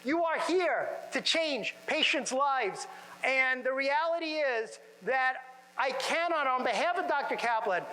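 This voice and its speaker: A man speaking to chiropractors at a seminar in a conference room, energetic and full of rhetorical questions to the audience. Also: extremely high pitch, in a large hall, slight background noise, rough recording. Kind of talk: motivational seminar talk.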